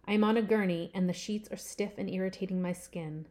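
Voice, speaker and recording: A woman reading her own first-person short story aloud, with expressive swells on key phrases. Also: medium pitch, fairly quick.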